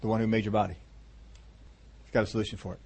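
A man preaching a sermon, urgent and emphatic, swinging between loud bursts and quiet low asides and often repeating himself. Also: level tone, rapid-fire, slightly rough. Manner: repeats and restarts phrases while preaching.

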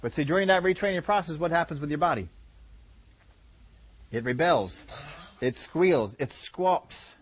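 A man's voice: a little high, a little slow, long pauses, husky. A man preaching a folksy, conversational sermon, acting out examples with groans and laughter.

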